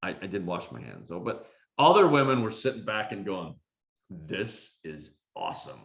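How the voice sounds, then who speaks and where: Lower-voiced male coach telling a story. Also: fairly quick, creaky. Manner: animated, self-deprecating, with many fillers. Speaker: confidence coach and keynote speaker. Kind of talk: storytelling talk. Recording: roomy, dull recording.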